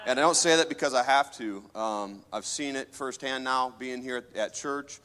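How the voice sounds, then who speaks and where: A man's voice: medium pitch, moderate pace, sharp tone. A man preaching a sermon to a church congregation, talking in a loose, conversational way and often asking the crowd for an amen. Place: church sanctuary. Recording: hall reverb from a church.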